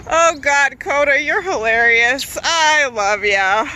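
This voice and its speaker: A woman's voice: very high voice, lively intonation, a little slow, noisy background. A woman dog trainer recording a casual vlog outdoors in a park, calling short commands and praise to her dog.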